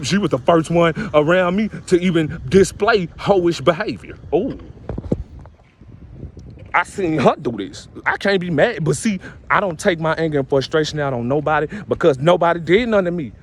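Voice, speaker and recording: A man's voice: a little high, a little hiss or hum. A man vlogging a casual rant to his viewers, repetitive and full of street slang.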